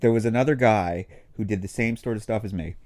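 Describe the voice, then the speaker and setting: Low-voiced Philly man telling rambling stories. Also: a little fast, darkish tone, dry recording. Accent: Philadelphia. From Philadelphia suburbs. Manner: rambling, laughing storyteller. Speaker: podcast co-host. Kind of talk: casual chat.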